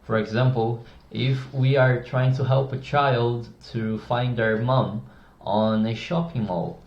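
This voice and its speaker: A man presenting a casual lesson on communication, often dropping his voice lower and softer to demonstrate tones. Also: steady tone, slow. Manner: demonstrates tones, drops voice low and soft for examples. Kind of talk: casual explanatory video lesson. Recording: echoey room, dull lo-fi sound.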